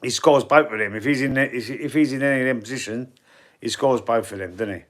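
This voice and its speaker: The English football-fan streamer, Cockney-accented, reads his chat and rambles in a laid-back, slangy fashion at a quick pace. His voice is medium in pitch and fairly bright, and his chatty talk is full of repeated words and restarts.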